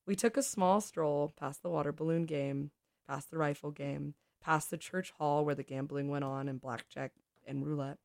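A woman's voice: low voice, moderate pace, creaky, dry recording, clean studio sound. A woman hosting a show, reading a story and poems aloud expressively and chatting between pieces. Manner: expressive storyteller, laughs easily. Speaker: host reading stories and poems. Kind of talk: reading aloud and casual chat.

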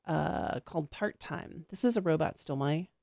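A woman's voice: low-pitched, lively intonation, normal speed, gravelly, a little mellow, no room sound, studio quality. A woman hosting a casual radio music show, chatting between tracks with fillers and self-corrections.

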